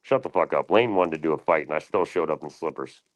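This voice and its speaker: A man's voice: a bass voice, fast. A man hosting a livestream, taunting and cursing at a rival in heated, profane banter. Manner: taunting, profane trash talk. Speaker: livestream host.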